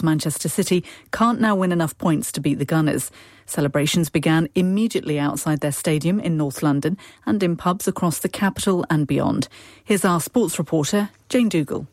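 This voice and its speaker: A newsreader delivering a scripted radio news bulletin in a measured, formal way. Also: medium pitch, darkish tone, no room sound, clean studio sound.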